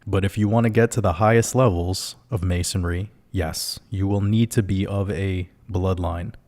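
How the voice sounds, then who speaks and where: A man's voice: low voice, steady tone, moderate pace, darkish tone. A man hosting a casual livestream, reading out viewer comments in a loose, profane way and laughing often. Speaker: livestream host.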